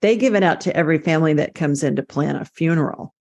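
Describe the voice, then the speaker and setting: A woman hosts an interview in a lowish voice, brisk and ready with humorous asides. She talks in a conversational way, moving easily between points. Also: gravelly, darkish tone. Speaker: podcast host, psychic and medical intuitive.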